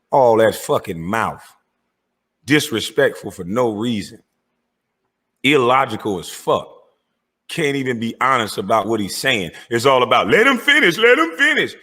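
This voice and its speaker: A man's voice: on the low side, a bit bright, husky. A man delivering a heated, profane rant, confronting and calling out rivals by name. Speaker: online commentator.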